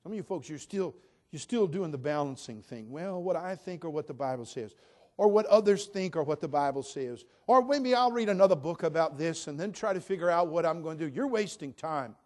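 Older preacher with fiery, rising build-ups. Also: male voice, lively intonation, brisk. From California. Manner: swings from loud emphatic build-ups to soft, low asides. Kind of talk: sermon.

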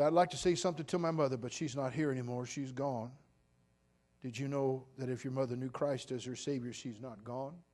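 A pastor in his sixties preaching a sermon, swinging between loud bursts and quiet, low asides. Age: 60s.

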